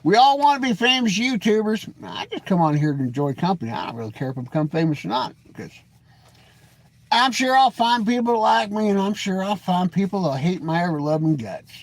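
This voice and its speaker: Folksy grumpy man with a lively voice. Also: a little fast, dry recording. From Washington state. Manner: folksy, self-described grumpy, joking; lively pitch swings, mimics voices in anecdotes. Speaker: live stream host. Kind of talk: casual rambling live stream chat.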